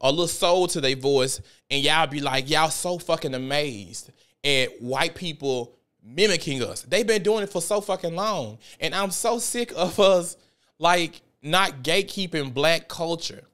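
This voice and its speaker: With a fairly high, somewhat bright voice and lively intonation, this man hosts a podcast at a slightly slow pace. The casual monologue is a rant, his stories told in a heated, profane, emphatic manner.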